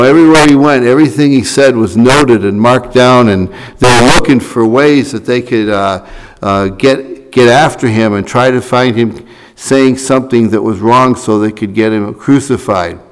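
A man's voice: medium pitch, rough recording. A man preaching a sermon, reading scripture and then explaining it in a loose, conversational way with asides and restarts.

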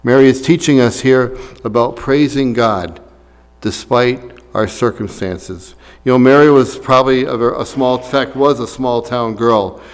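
A man's voice: mid-range voice, a little slow, clear, resonant tone, big-room sound. A man preaching a sermon as a pastor, talking casually with fillers and reading scripture aloud.

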